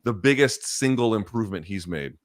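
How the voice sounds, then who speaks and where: A man's voice: fairly low pitch, animated, fairly quick, dry recording. Male interview host, hedging and rambling, dry call audio. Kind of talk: casual interview.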